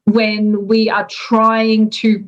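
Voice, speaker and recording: Slow-talking Australian woman explaining slang. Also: medium pitch, highs cut off. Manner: relaxed and chatty, pausing with ums. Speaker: native speaker explaining slang. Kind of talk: casual explanation.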